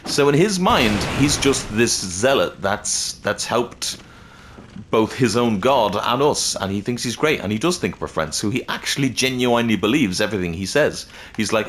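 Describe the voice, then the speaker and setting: A man's voice: on the low side, expressive, normal speed, fairly bright tone. A man hosting a gaming channel, rambling casually about game lore while playing and swearing freely. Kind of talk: let's-play commentary on game lore.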